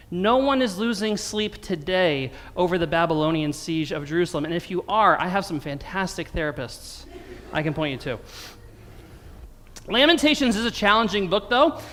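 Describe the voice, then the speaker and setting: A man's voice: high-pitched, pushed and bright. An American man preaching a sermon as pastor, in a conversational tone with touches of wry humor. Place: church sanctuary. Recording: long reverb of a church sanctuary.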